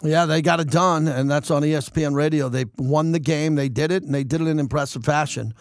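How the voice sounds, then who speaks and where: A man hosting a sports talk radio show, delivering an energetic, opinionated monologue and thinking aloud with restarts. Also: on the high side, a little fast, background noise.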